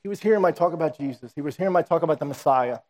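In a church sanctuary, a man preaches and shares a personal testimony, animatedly acting out the dialogue. His voice is on the high side with a darkish tone, he talks very fast, and the hall is reverberant.

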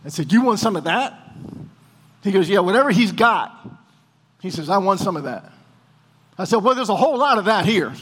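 A man with a notably high voice tells a sermon story with energy, acting out each exchange. His voice rings with a long reverberant tail, as in a large hall. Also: normal speed, long pauses, slightly rough. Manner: animated storyteller, acting out dialogue. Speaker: preacher.

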